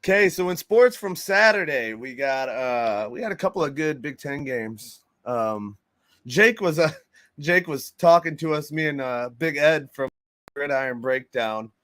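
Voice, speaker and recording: A man's voice: on the high side, expressive, measured pace, fairly bright tone, no room sound. A man hosting a casual morning show, chatting loosely and laughing often as he recaps sports scores. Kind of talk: casual chat.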